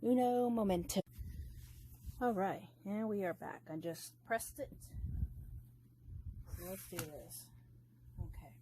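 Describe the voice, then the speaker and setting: Lady quilter in her sewing room, kinda low voice, rambles and cusses, mic comes and goes as she moves, bit of background hiss. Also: slow, pauses often, darkish tone, poor audio. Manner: rambling and blunt, swears freely. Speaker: quilting vlogger. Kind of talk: casual chat while crafting.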